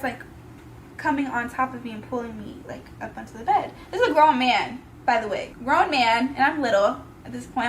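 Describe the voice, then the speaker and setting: A woman's voice: sits high, fairly bright tone, a little hiss or hum. A young woman vlogger telling a personal story casually, using slang and talking straight to her viewers.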